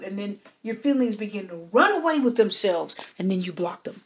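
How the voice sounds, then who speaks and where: A woman's voice: medium pitch, animated, brisk, hardly any pauses, breathy edge. A woman giving a personal tarot reading, talking straight to the client, repeating her points and checking in with "okay?". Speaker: tarot reader.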